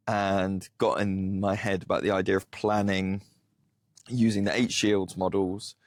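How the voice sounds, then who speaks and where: A man's voice: low voice, little pitch movement, a little slow, no echo, studio quality. Rambling, jokey man. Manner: rambling, self-mocking and jokey, full of "like". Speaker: podcast co-host. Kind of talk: casual chat. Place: kitchen.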